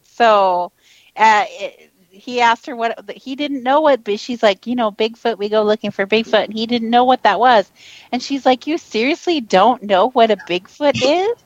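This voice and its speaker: A woman's voice: a little high, moderate pace, dry recording, highs cut off. Chatty woman rambling through a story. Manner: chatty, rambling storyteller who laughs often. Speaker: podcast co-host. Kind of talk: casual storytelling chat.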